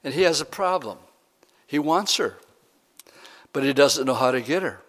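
A man delivering a sermon, walking through a scripture passage in a loose, conversational way. He paraphrases the characters' words and stops now and then to correct himself or fumble for a verse number. His voice sits at an ordinary pitch for a man. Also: expressive, normal speed, fairly bright tone. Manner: fillers and self-corrections. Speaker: preacher.

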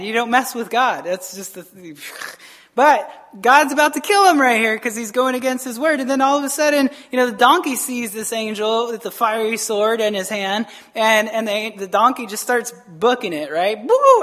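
A male pastor preaching a casual, animated sermon, retelling scripture with frequent "right?" asides and quick laughs. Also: very high voice.

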